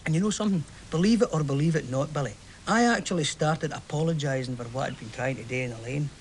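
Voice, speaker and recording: A man acts in a stage play as a chatty Glasgow football fan, telling a story warmly in a Glaswegian Scottish accent. His natural voice is on the high side and quick, with slight background noise.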